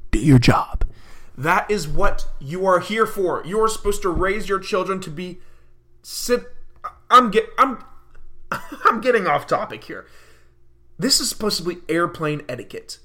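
A man's voice: sits high, sharp tone. A young man in his early twenties hosting a podcast, ranting animatedly in a casual monologue and laughing often. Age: early 20s. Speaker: podcast host.

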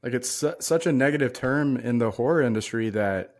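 A man in an easygoing podcast chat who rants bluntly about what bugs him. His voice sits at an ordinary middle pitch, and he talks loosely with lots of "like" and "dude.". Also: fairly quick. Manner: blunt, ranting, swears freely. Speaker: podcast co-host. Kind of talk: casual chat.

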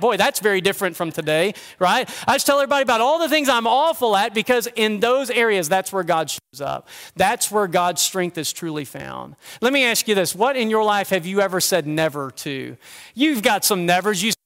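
A man preaching a sermon as a pastor, with a conversational, self-deprecating manner that turns quiet and earnest. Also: sits high, expressive, fairly quick, long reverb tail. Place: church sanctuary.

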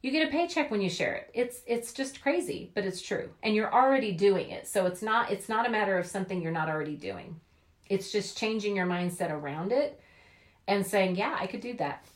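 A woman's voice: mid-range voice, brisk. A woman giving an upbeat, chatty motivational talk about network marketing, often acting out quoted voices.

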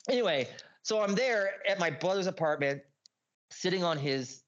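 A man telling a story as a podcast guest, rambling and excitable, swearing a lot and packing his talk with filler words. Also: sits high, normal speed, highs cut off. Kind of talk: casual storytelling.

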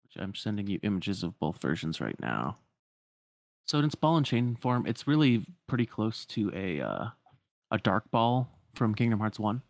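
A man with a low voice casually retells a video game's plot, rambling with fillers as he goes. The recording is dry and close. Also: sing-song, normal speed, no room sound. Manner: rambling with fillers, acts out the dialogue.

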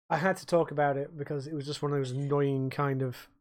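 A young man rants through a casual podcast chat, swearing freely. His voice sits fairly high, and the sound is close and dry. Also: moderate pace, no room sound. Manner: sweary, ranting. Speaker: podcast co-host.

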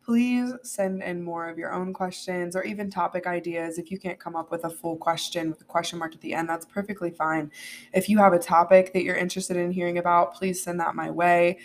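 A woman hosting a solo podcast, earnest and animated, with plenty of "like" and "um". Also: on the low side, a little fast, slight background noise. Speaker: podcast host.

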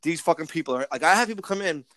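A man's voice: on the high side, animated, racing, pushed and bright, no echo. A man in casual chat, ranting with lots of swearing and stammered restarts.

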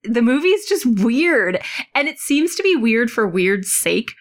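A woman's voice: a little high, big pitch swings, a little slow. Wry woman, chatty film talk. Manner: wry, swearing, acts out quotes. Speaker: podcast co-host. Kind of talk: casual film-review chat.

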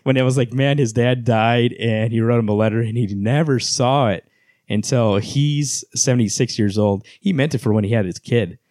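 A man's voice: mid-range voice, normal speed, a little mellow, no echo, studio quality. A man co-hosting a casual book club podcast, retelling scenes and reading passages aloud with many fillers. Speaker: podcast co-host.

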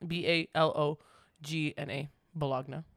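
A man's voice: on the high side, lively intonation, normal speed, pushed and bright, clear, resonant tone, dry recording. Chatty man on a podcast, dry sound. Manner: chatty, laughs easily, many fillers. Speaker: podcast co-host. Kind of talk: casual chat.

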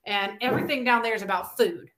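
Fast and mid-range, the voice belongs to a Tennessee woman with a Southern accent who's chatting on a podcast. She's an animated storyteller, voicing the quotes she shares in this easygoing interview.

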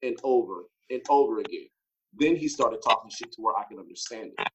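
A man's voice: lowish voice, expressive, a little fast, crowd noise, rough recording. A man telling a story in a casual, blunt, profane way, acting out his own reactions as he goes.

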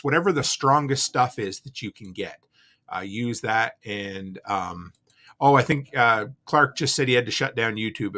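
A man hosting a live call-in podcast, chatting casually and relaxed, with the odd curse word. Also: mid-range voice. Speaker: podcast host taking live calls.

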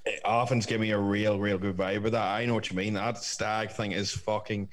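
A young man rambling through travel chat, stacking "like" and curses. His voice sits a touch low and his speech is loose and unhurried. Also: little pitch movement. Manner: rambling, filler-heavy, swearing. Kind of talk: casual chat.

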